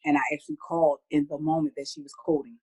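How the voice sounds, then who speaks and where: Middle-aged woman guest, low voice, heartfelt, jumps up in pitch when she quotes herself or her family. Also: flat delivery, fast, a little mellow, husky, rough recording. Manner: heartfelt, acts out her own conversations in a higher voice. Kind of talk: casual interview talk.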